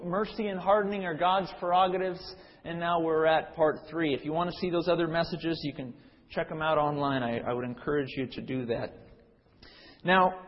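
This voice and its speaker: A man's voice: fairly high pitch, big-room sound, highs cut off. A male pastor preaching a sermon, telling a story then teaching earnestly with frequent fillers and restarts.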